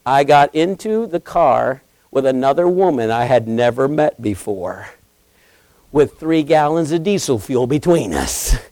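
A middle-aged male preacher telling a folksy story in a sermon, animated and repetitive. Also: medium pitch, measured pace, no room sound, poor audio.

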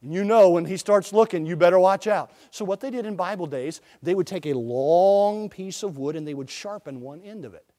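A man preaching a sermon in a folksy storytelling way, jumping between loud bursts and quiet asides. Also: high voice, a little fast, hardly any pauses.

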